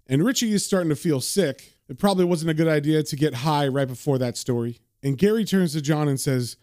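A man's voice: on the high side, fairly quick, hardly any pauses, dark tone, no room sound, studio quality. A man casually narrating and recapping a comic book story, with a chatty manner full of fillers.

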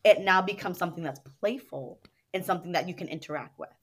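A woman speaking as a guest in a relaxed interview, with a fairly low pitch. She tells her stories in an animated way, slipping into the voices of the people she describes. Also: fast talker, breathy edge. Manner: animated storyteller who acts out what others said. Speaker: guest, dance studio owner. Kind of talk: casual interview conversation.

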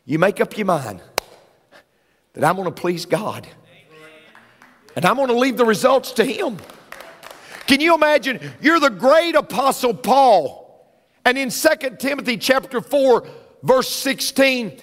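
A middle-aged man preaching a sermon, excitable, swinging between quiet asides and shouted lines. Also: very high-pitched, measured pace, pauses often. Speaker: pastor. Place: large church sanctuary. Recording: church hall with long reverb.

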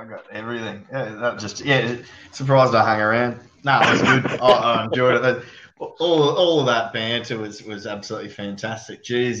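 A man's voice: on the low side, fairly bright tone, a little hiss or hum. An Australian man, a podcast guest, chatting casually, laughing often and restarting his sentences. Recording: echoey, dull lo-fi call audio.

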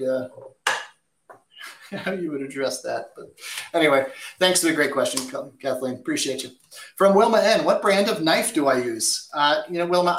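A man's voice: medium pitch, a bit bright, a little hiss or hum. A man who works as a chef, answering viewer questions with chatty, emphatic cooking advice in a kitchen. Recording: echoey room.

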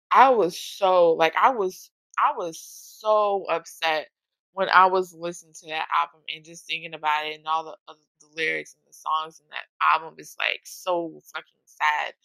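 A woman talking casually and emotionally about music, swearing often, with a gravelly voice. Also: on the low side, a bit bright, dry recording, rough recording.

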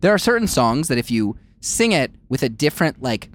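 A man's voice: mid-range voice, very animated, a little fast. A man who plays drums in a band, chatting on a podcast in a rambling way, with many ums and restarts. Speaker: drummer and podcast co-host. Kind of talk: casual chat.

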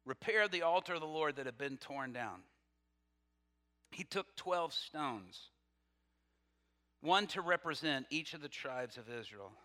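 An animated man preaching in a church hall, with a bright, forceful voice pitched a little high. He reads scripture aloud, breaks off into laughing asides and puts questions to the room, and a long reverb trails each phrase. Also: unhurried, long pauses. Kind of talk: sermon.

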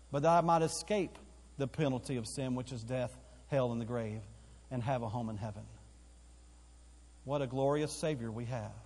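A man's voice: a little high, darkish tone, breathy edge. A man preaching a sermon as pastor in a church auditorium, with emphatic repetition that builds in force. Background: live congregation hall.

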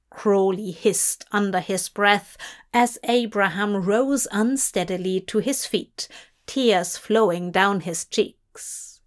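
A woman narrating a story in a measured, even storytelling manner. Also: mid-range voice.

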